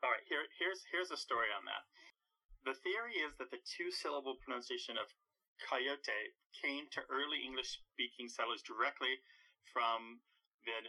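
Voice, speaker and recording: Husky guy w a really bright edge, explaining words in a chatty interview, trips over his starts a bit. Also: medium pitch, moderate pace, poor audio. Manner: thoughtful, explains at length with small restarts. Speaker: language expert guest. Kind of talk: explanatory conversation.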